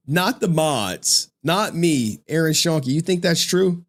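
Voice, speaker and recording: Animated, swearing male streamer. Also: on the high side, slow pace. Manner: profane, animated, repeats others' phrases. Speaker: streamer host. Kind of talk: casual stream chat.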